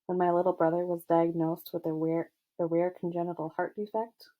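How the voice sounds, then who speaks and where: A woman voicing a gentle, earnest teenage boy football star in an audiobook, speaking softly and with some hesitation. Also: fairly low pitch, monotone, brisk, close to an everyday voice. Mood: sincere. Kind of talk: audiobook character voice.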